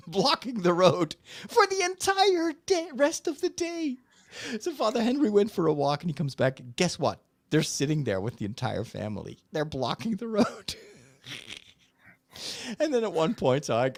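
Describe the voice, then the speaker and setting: A priest hosting a casual chat, telling a story animatedly with laughs and restarts. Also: male voice, medium pitch, no echo, studio quality. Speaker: priest and host.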